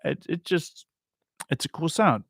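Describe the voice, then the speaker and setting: A man giving a casual live music lesson, chatty and self-amused, counting rhythms out loud as he works through a transcription. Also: fairly high pitch, lively intonation, measured pace, vocal fry, slightly rough, no room sound, clean studio sound. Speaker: music teacher transcribing a piano piece for bass.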